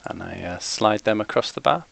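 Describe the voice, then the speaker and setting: A man's voice: lowish voice, normal speed, gravelly, a bit bright, no echo. A man playing a tabletop game as a player, hesitant and stammering, repeating his words. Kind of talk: tabletop role-play, in and out of character.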